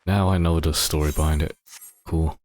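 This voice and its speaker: A man's voice: very deep voice, fairly even intonation, normal speed, darkish tone. A man live-streaming a game, reacting in a chatty, wry way. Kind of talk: casual live-stream commentary.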